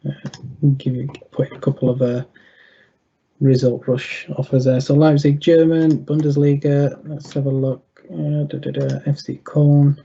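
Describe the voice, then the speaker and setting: Young guy on a video call, lots of uhs, mumbling through his screen, kinda husky, muffled audio. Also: mid-range voice, flat delivery, mellow. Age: young adult. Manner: halting, many "uh" fillers and restarts. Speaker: guest analyst giving betting tips. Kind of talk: thinking aloud while clicking through a screen.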